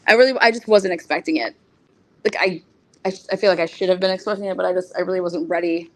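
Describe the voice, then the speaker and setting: A woman telling a story in a casual, animated way, often laughing, using lots of fillers, and acting out other people's lines in a raised voice. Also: lowish voice, fast. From United States. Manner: frequent fillers like "like" and "oh my God".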